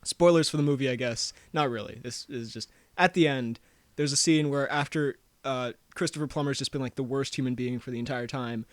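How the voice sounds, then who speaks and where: A young man co-hosting a podcast, rambling through quick reviews with self-mocking jokes and frequent laughs. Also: mid-range voice, no room sound. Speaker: podcast co-host. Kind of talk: casual chat, quick reviews.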